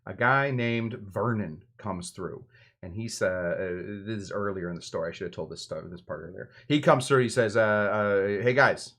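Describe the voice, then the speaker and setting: A man's voice: lowish voice, moderate pace, a bit bright. Rambling man hosting a drinks show. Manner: rambling, self-interrupting, jokey asides. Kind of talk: casual cocktail-show talk.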